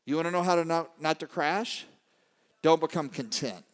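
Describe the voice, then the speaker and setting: A man giving an animated motivational talk to a live audience, swinging from quiet storytelling to shouting. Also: fairly high pitch, moderate pace. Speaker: motivational speaker. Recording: long hall reverb.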